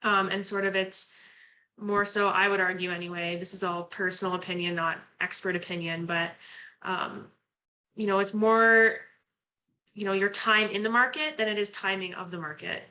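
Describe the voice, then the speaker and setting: A woman's voice: mid-range voice, fairly even intonation, normal speed, bright, forceful tone, poor audio. A young adult woman from Canada, a guest co-host chatting casually with many fillers and restarts. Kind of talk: casual talk-show chat.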